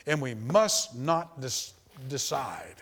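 Guy preaching a sermon, keeps repeating himself for emphasis, goes loud then quiet, big echoey hall. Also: medium pitch, big pitch swings, slow, slightly rough. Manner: emphatic, repetitive, shifts between loud and hushed.

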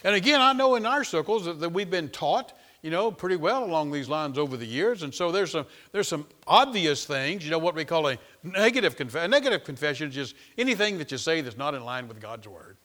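An older man preaching a sermon as pastor, repeating phrases and swinging from loud to hushed. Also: fairly high pitch, lively intonation, a little fast, few pauses.

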